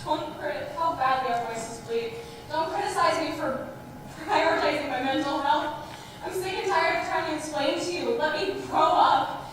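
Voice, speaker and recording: A woman's voice: high-pitched, normal speed, fairly bright tone, slight background noise. Young woman playing a defensive, fed-up young woman. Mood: exasperated. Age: young adult. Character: defensive young woman who feels manipulated. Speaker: stage actor. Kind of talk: live theatre performance. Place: theatre stage. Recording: echoey hall, heard from far off.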